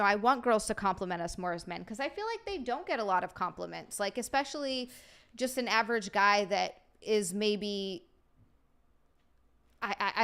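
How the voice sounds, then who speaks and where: A woman's voice: mid-range voice, a bit bright, clear, resonant tone. A young woman hosting a live-streamed podcast, chatting casually with lots of fillers and giggles. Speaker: podcast host.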